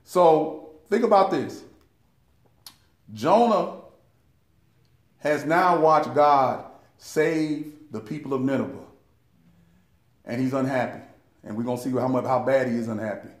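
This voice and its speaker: In an echoey room, a man teaches Bible study with impassioned preaching, calling his listeners saints as his fervor climbs. His voice is medium-pitched and a little slow, with long pauses.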